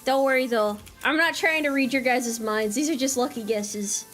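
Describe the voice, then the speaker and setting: High-voiced playful woman streamer. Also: normal speed, a bit bright, soft background music. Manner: playful, teasing, chatty. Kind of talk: casual gameplay commentary.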